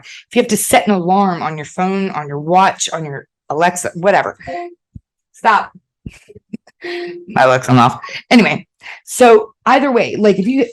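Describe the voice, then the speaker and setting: A woman hosting a podcast, talking casually and bluntly to listeners, swearing freely and often checking in with "okay?". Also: lowish voice. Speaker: podcast host. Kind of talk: casual motivational monologue.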